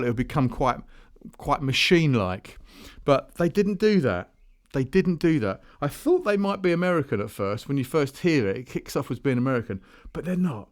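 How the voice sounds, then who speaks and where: A man's voice: mid-range voice, animated, a little fast. A man hosting a music podcast on his own, chatting casually between songs in a rambling way, often restarting his sentences. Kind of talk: casual solo chat between tracks.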